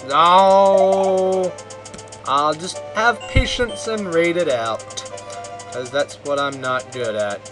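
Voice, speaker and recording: A man's voice: fairly high pitch, measured pace, rough recording. A man giving sarcastic, rambling commentary while playing a video game. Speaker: gameplay commentator. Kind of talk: let's play commentary. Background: game music.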